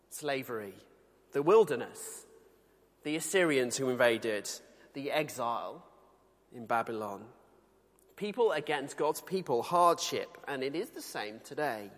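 A man from the UK preaching a sermon in a conversational, earnest way, slowing down to read scripture. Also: medium pitch, big-room sound. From United Kingdom.

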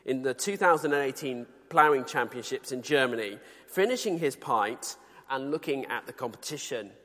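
A man from the UK preaching a sermon in a conversational, earnest way, slowing down to read scripture. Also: mid-range voice, a bit bright, long reverb tail. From United Kingdom.

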